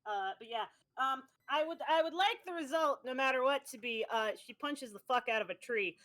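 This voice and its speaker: A woman's voice: high voice, animated, fairly quick, a bit bright. A woman playing a tabletop game on a live stream, describing her character's actions and laughing often. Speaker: player.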